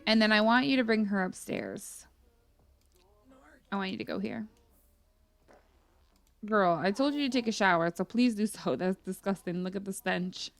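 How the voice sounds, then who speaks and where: A woman's voice: mid-range voice, very animated, normal speed, gravelly, pauses often, dry recording. A young woman chatting casually through her gameplay, rambling and full of fillers. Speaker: gaming YouTuber.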